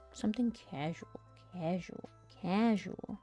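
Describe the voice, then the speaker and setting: A young woman streamer practices voice acting, chatting casually and giggling at herself between takes, with soft music in the background. Her mid-range voice has a darkish tone, animated yet slow, with frequent pauses and a self-mocking manner.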